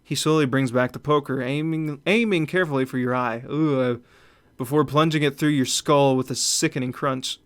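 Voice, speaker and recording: A man's voice: mid-range voice, normal speed, clear, resonant tone. A young man hosting a gaming channel, reading horror game text aloud dramatically and reacting in asides. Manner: reads narration dramatically, then reacts in asides.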